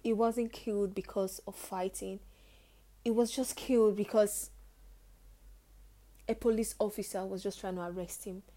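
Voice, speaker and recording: A woman's voice: mid-range voice, dark tone. A young woman hosting her own podcast, talking earnestly and emotionally, often repeating phrases for emphasis. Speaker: podcast host. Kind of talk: personal podcast monologue.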